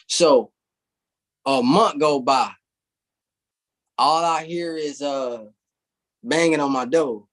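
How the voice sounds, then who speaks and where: A man's voice: fairly high pitch, slow pace, pauses often. A young man, a guest in an interview, telling a long story casually and animatedly, swearing freely and laughing as he goes.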